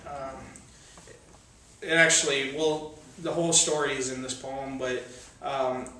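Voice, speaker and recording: A man's voice: mid-range voice, level tone, a little slow, bright, forceful tone. A young man at a cafe open mic who reads his poems with rising intensity and talks between them in a loose, hesitant way. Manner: intense declaiming readings, hesitant casual asides between poems. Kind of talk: spoken word poetry reading. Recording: very echoey room, mic from far off, faint noise.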